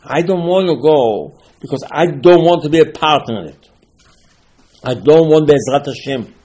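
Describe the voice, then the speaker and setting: A man's voice: on the high side, normal speed, warm tone, lightly acted. A man voicing a humble male prophet who insistently refuses a task, quoted within a Torah lesson. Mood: refusing. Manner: insistent, pleading.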